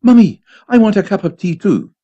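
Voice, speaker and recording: Casting: pushy little boy, lively and high, mellow tone, put on by a man reading aloud. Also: brisk. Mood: demanding. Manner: eager, insistent child's pleading. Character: small boy, jealous and demanding. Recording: dull lo-fi community radio.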